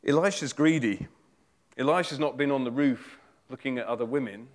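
A man's voice: mid-range voice, moderate pace. A man preaching a sermon, retelling a Bible story in a chatty, informal way with fillers and asides.

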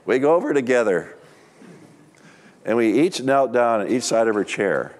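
A man's voice: medium pitch, moderate pace, pauses often, a little hiss or hum. A middle-aged man preaching, telling stories and acting out the dialogue. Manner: animated storyteller, acts out dialogue. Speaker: pastor. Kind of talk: sermon with storytelling.

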